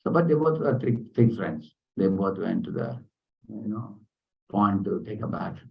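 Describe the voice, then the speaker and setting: A man's voice: on the low side, animated, unhurried, creaky, dull audio. A man teaching a scripture class, telling stories and asking the class questions. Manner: storytelling, asks the class questions.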